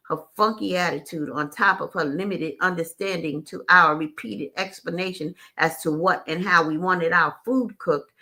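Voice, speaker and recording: A woman reading a memoir audiobook aloud, expressive, with casual asides. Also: on the low side, creaky. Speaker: audiobook reader.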